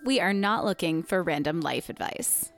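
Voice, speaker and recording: A woman co-hosting a casual podcast, talking in a playful, expressive way. Her pitch swings a lot. Soft music plays behind her at times. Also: moderate pace. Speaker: podcast co-host. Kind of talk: casual chat.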